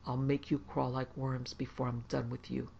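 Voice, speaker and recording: A gruff old ghost of a headmaster , put on by a male narrator, roars and mocks in a storybook reading. His voice is gravelly and he sounds gleeful and murderous. The recording is dull and lo-fi. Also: mid-range voice, little pitch movement, moderate pace, mellow, a little hiss or hum, close to an everyday voice. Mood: mocking. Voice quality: gruff, roaring. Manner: mocking, triumphant.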